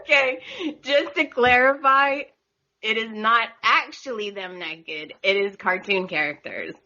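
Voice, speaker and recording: A woman hosting a casual podcast chat, talkative and quick to laugh. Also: a little high, pushed and bright. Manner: chatty, laughs often. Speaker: podcast host. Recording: dull lo-fi sound.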